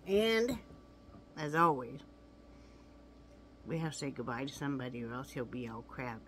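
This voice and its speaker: A woman talks casually to her viewers from her living room, chatty and quick to laugh. She sounds at ease at home. A faint hiss of background noise runs under the recording. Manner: coos in a high baby-talk voice to her pet; warm, chatty, laughs often. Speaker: vlog host.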